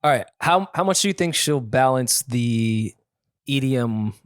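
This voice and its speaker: A man's voice: medium pitch, animated, measured pace, clear, resonant tone, no echo, studio quality. A man co-hosting a casual podcast chat, talking emphatically and swearing freely. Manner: emphatic, swears, admits being wrong. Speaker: podcast co-host.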